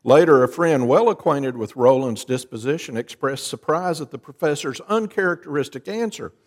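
A man preaching a sermon with a fairly high voice that swings widely in pitch. He moves from hushed, low phrases to loud, emphatic ones, like a pastor working his congregation. His voice rings out with the long echo of a large hall. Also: normal speed. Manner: dramatic preacher, lively rises and drops in pitch and volume.

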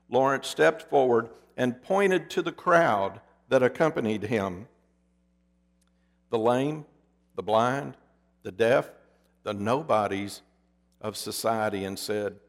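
A man preaching a sermon as pastor, moving between loud emphasis and hushed, dramatic pauses. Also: mid-range voice, gravelly. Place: church sanctuary. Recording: long reverb of a church hall.

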